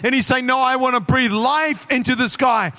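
A man preaching a sermon as pastor, building to shouted peaks and slipping into quick acted asides. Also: very high-pitched.

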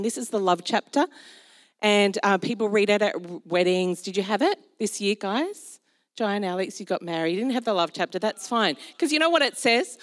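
A middle-aged woman preaching a sermon as pastor, animated, telling stories with acted-out asides. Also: mid-range voice.

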